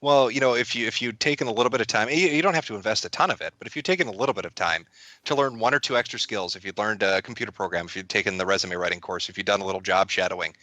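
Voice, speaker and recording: American guy talking fast on a podcast, bright voice, dry wry jokes, dead dry mic. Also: fairly low pitch, dry recording. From United States. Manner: wry, joking asides. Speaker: interview guest. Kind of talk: casual podcast chat.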